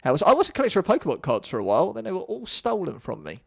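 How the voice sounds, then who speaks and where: Lively man with a gravelly voice. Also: high-pitched, racing. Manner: rambling, repeats words, laughs often. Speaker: podcast host. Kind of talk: casual podcast chat.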